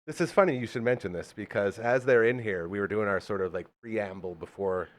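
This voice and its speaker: Fast-talking upbeat male podcast host. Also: lowish voice. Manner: upbeat, fast, hypes up guests. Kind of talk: casual chat. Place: radio studio.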